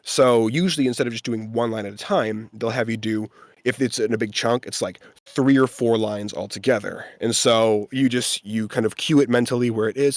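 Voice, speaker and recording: A man, a voice actor, telling an animated story in a casual interview and acting out the people he quotes. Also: medium pitch, normal speed, dry recording, studio quality. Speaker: voice actor guest.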